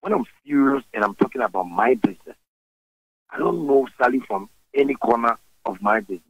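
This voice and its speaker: Animated gravelly Ghanaian man. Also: medium pitch, fairly quick, no room sound, rough recording. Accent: Ghanaian English. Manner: animated and forceful, switching languages mid-sentence. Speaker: interview guest, musician. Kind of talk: radio interview.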